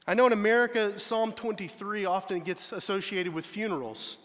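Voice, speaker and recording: A man's voice: high voice, brisk, fairly bright tone, a little hiss or hum. A man preaching a sermon as pastor, earnest and emphatic, often restarting his phrases. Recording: long hall reverb.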